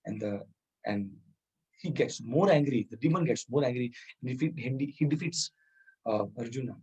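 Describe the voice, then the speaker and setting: Husky man teaching soft skills. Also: medium pitch, normal speed, rough recording. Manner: chuckles often, Hindi words mixed into English. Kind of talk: informal lecture with storytelling.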